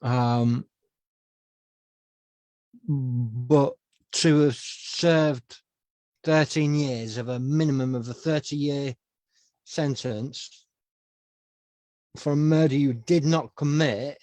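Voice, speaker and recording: A man's voice: medium pitch, fairly even intonation, extremely slow, long pauses, mellow, no room sound. A man, the interviewer, speaking in a hesitant, thoughtful way in a casual conversation. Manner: hesitant, many fillers and restarts. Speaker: interviewer, author and poet.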